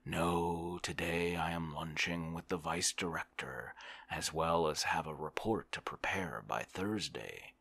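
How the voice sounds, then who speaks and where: A man's voice: low-pitched, a little slow, gravelly, a bit bright, breathy edge, no echo, full character voice. A man voicing an overworked male civil servant in a whispered role-play, complaining and self-important. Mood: harried.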